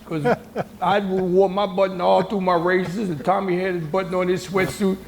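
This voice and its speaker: In a roomy university hall, a panel guest tells a story at a moderated discussion: an older American man whose voice is gravelly and high. His delivery is colloquial and emphatic at a moderate pace, and he animatedly acts out what other people said. A faint hiss or hum sits under the recording.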